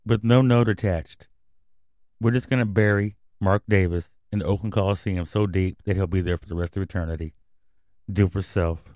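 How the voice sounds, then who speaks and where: A man's voice: low-pitched, fairly even intonation, brisk, a little mellow, dry recording, clean studio sound. A man hosting his own radio show, riffing on news items in blunt, profane, rambling rants. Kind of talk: casual commentary and news reading.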